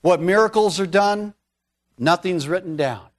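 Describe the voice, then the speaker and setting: A man's voice: high voice, a little slow. A man preaching a storytelling sermon, conversational, with folksy asides.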